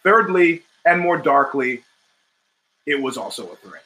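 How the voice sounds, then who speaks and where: A man's voice: fairly high pitch, lively intonation, a little slow, pushed and bright. A middle-aged man hosting a podcast, delivering an opinionated monologue with emphatic, rhetorical phrasing and repeated lines for effect. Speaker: podcast host.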